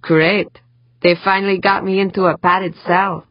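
A woman's voice: medium pitch, little pitch movement, a little slow, no echo, natural voice. A woman voicing a wry, joking young man in a novel, in a dull, dry recording.

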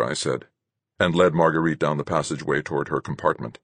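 A man narrating a novel in the first person with a measured, steady delivery. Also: very deep voice, no room sound. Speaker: audiobook narrator.

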